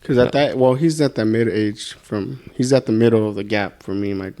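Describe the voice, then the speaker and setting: A man's voice: fairly low pitch, a little fast, mellow. Laid-back young man in casual chat. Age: young adult. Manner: laid-back, slangy, plain-spoken. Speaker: podcast co-host.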